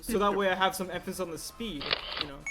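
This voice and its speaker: Working on stop-motion animation during a livestream, a man talks casually as he goes, rambling and correcting himself partway through sentences. He has a high voice and speaks fast.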